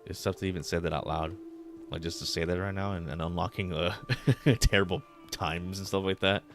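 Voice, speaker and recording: A man's voice: deep voice, steady tone, fairly quick, fairly bright tone, faint music behind. A man in his thirties streaming a game, chatting casually in a rambling, laid-back way, swearing often and dropping in Spanish words. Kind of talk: casual chat while gaming.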